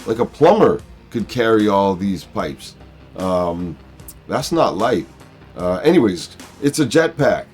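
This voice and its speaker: A man hosting a casual comic book review, talking in a halting way with many fillers. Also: fairly low pitch, sing-song, darkish tone, faint music behind. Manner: halting, full of uh and um. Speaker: comic book video host.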